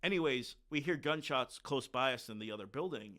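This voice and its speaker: A man's voice: medium pitch, lively intonation, brisk, fairly bright tone. A man, a military veteran, telling war stories to a podcast host in a blunt, candid way, with lots of filler words. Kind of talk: casual conversational storytelling.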